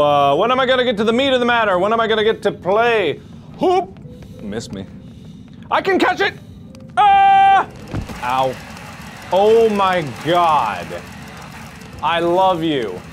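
A man in his thirties, a gaming YouTuber doing let's play commentary, animated and yelping as he plays in VR, winded from moving. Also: high-pitched. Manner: animated, yelps and jokes while playing VR.

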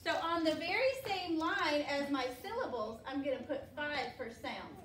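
A woman's voice: sits high, animated, moderate pace, a bit bright. A woman teaching young children a phonics lesson, patient and encouraging, asking questions and waiting for answers. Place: classroom. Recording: echoey classroom from far off.

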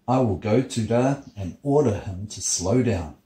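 A man's voice: lowish voice, animated, unhurried, dark tone, reverberant. A man voicing Maui, a determined young male hero, speaking in firm, commanding lines in a bedtime storybook.

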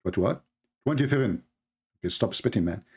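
A man hosting a live stream in a sarcastic, mocking tone. His pitch is in the middle range for a man. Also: brisk, a little mellow.

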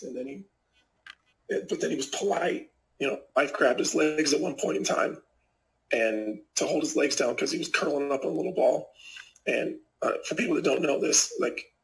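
A man's voice: fairly high pitch, creaky, a little hiss or hum. A middle-aged man, a professional fighter, tells a personal story in a casual interview and rambles with many fillers. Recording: echoey room.

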